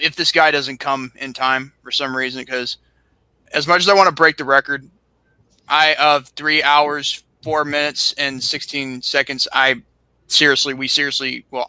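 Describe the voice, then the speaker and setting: A man's voice: medium pitch, bright, forceful tone, clean tone, dry recording. A young man co-hosting a podcast, telling a long story casually, full of fillers and restarts, on a laptop mic. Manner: rambling, filler-heavy, restarts often. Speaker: podcast co-host.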